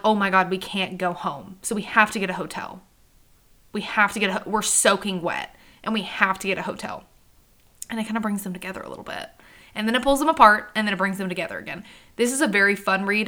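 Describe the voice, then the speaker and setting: Bright-voiced chatty woman podcaster. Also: medium pitch. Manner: chatty, animated, acts out characters' lines, swears casually. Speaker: book podcast host. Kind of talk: casual chat.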